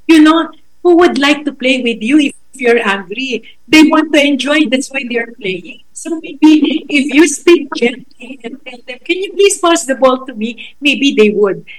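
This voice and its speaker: A middle-aged woman with a Filipino accent, a school educator giving a talk on raising children, slow and emphatic, switching languages, telling stories. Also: high voice, low-quality recording. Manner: code-switching, storytelling, slow emphatic phrasing.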